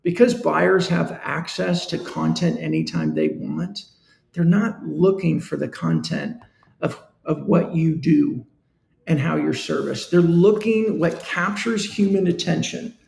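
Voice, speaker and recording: A man's voice: a little high, unhurried, creaky, darkish tone, reverberant, a little hiss or hum. A man hosting a live-stream business talk, speaking earnestly and conversationally in a coaching tone. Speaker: show host.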